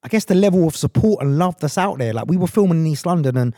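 A man's voice: a little high, lively intonation, fast talker, mellow, dry recording, clean studio sound. A man talking as a guest in a casual interview, reflective and earnest, often restarting his sentences. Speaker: guest actor and director.

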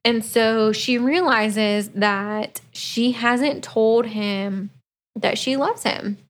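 A woman's voice: a little high, extremely slow. A woman co-hosting a podcast, casually retelling a book's plot with quoted asides. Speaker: podcast co-host. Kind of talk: casual book review chat.

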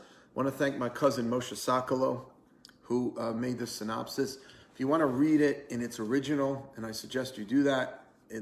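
A man's voice: mid-range voice, reverberant. A man, a rabbi, giving a conversational online Torah class, telling a story with earnest energy and many fillers. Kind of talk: online lunch-and-learn class.

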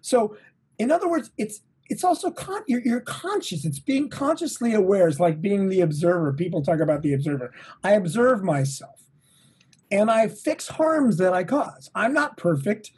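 A middle-aged man, a touring drummer, talking as an interview guest in an energetic, motivational way, swearing now and then. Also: high-pitched, normal speed, slightly rough. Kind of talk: casual interview. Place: home, at a desk.

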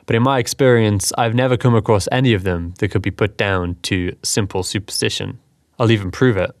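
A man's voice: lowish voice, a little fast, dry recording, clean studio sound, close to an everyday voice. A man voicing a polite, earnest young male businessman with a curious streak. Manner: polite, apologetic.

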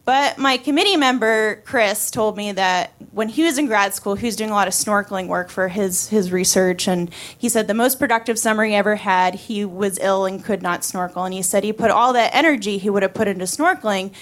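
A woman's voice: mid-range voice, a little fast, hardly any pauses. A woman around thirty telling a personal story live, casual and wry, with many fillers and restarts.

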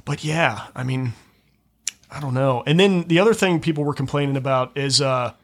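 A man's voice: medium pitch, normal speed, a bit bright. A young man chatting as a guest, speaking hesitantly with lots of ums and uhs. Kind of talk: casual chat.

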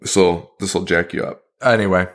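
A man with a somewhat low voice co-hosts a podcast in loose, casual chat. He talks in a laid-back way, laughs a lot and swears freely while telling stories to his co-host. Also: steady tone, moderate pace.

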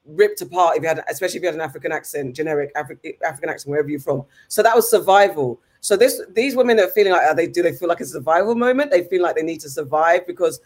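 Fast-talking opinionated woman. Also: low-pitched, animated. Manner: rapid, emphatic opinionated talk. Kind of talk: casual chat.

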